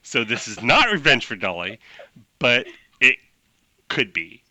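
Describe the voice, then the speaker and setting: A man narrating a tabletop game as game master, animated and loose, with plenty of fillers. His voice leaps all over the place and sounds very bright and sharp. It is close and dry. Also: medium pitch, a little slow, no echo.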